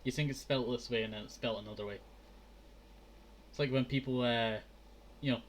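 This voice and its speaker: A man's voice: mid-range voice, normal speed, pauses often, fairly bright tone, slight background noise. A man chatting casually while playing a game, his throat dry and strained, often stumbling over words and trying them again. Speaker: game streamer. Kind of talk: casual let's-play commentary.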